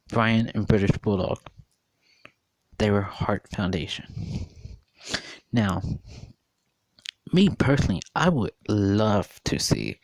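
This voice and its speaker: A man's voice: lowish voice, darkish tone, no echo. A man in his thirties giving an earnest, repetitive opinion monologue, often repeating and questioning. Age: 30s. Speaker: vlogger.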